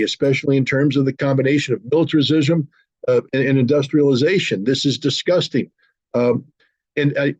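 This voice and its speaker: A husky-voiced man speaks bluntly and with open indignation as a guest commentator. His audio is dull and lo-fi, with a dry sound and no room echo. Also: on the high side, a little mellow. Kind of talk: political commentary in an online interview.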